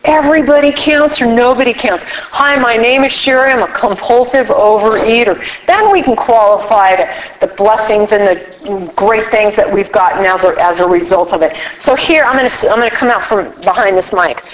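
A woman speaking casually at a recovery meeting, animated and acting out little quoted voices as she explains. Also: fairly high pitch, moderate pace, poor audio. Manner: animated, acts out quotes with props. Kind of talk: casual workshop talk.

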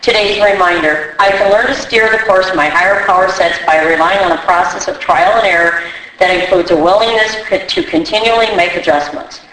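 A woman reading a daily reflection aloud in a measured, steady way. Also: on the low side. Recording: far from the mic in a very echoey room.

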